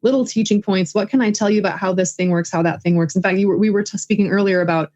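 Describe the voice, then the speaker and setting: A woman's voice: mid-range voice, quick pace, darkish tone, muffled recording. A woman guest and filmmaker in a casual interview, talking enthusiastically with many fillers. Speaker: guest, filmmaker and writing coach.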